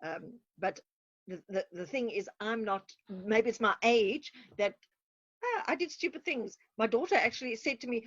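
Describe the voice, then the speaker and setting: A woman's voice: a little high, expressive, moderate pace, breathy edge, no room sound. A woman, a guest on a video call interview, talking in a chatty, self-deprecating way and laughing often. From South Africa. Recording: dull muffled call audio.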